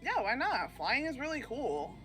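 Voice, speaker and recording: A woman's voice: sits high, sing-song, moderate pace, crowd noise. A woman co-hosting a live stream, chatting playfully and laughing often. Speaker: co-host and channel editor. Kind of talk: casual live-stream chat.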